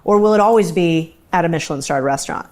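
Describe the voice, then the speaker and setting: A woman's voice: on the low side, fast talker, darkish tone. A woman interviewing a guest in casual chat, framing long, thoughtful questions.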